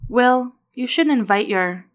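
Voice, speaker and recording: A woman voicing a flustered mother who stammers and speaks a little higher. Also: fairly even intonation, moderate pace, lightly acted.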